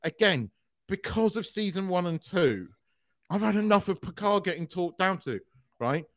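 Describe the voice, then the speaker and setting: A man co-hosting a podcast in casual chat, excitable, swearing freely and laughing often. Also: sits high, normal speed, no echo, studio quality. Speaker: podcast co-host.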